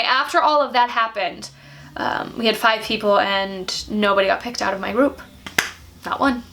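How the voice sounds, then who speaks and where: Woman vlogger, chatty storytime delivery, higher voice, speaks directly to viewers. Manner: animated and chatty, many "like"s; talks straight to viewers. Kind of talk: casual storytime vlog.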